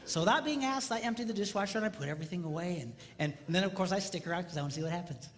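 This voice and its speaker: A man's voice: high voice, racing. A middle-aged man giving a comedic marriage seminar on stage before a live audience, acting out voices and sounds as he tells stories. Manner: animated, acts out voices and sounds mid-story. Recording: reverberant live hall, faint noise.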